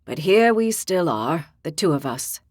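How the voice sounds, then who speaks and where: A woman narrator voicing a weary, regretful older male interpreter in an audiobook, speaking slowly and gravely. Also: low voice, big pitch swings, no echo, clean studio sound, exaggerated voice. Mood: measured. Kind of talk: audiobook character voice.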